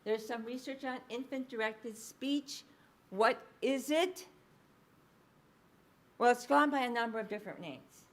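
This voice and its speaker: A woman's voice: on the high side, unhurried, pauses often. A woman researcher giving a public lecture in a library space. She talks conversationally, with frequent fillers, restarts and "okay?" check-ins. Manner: restarts and self-corrections mid-sentence.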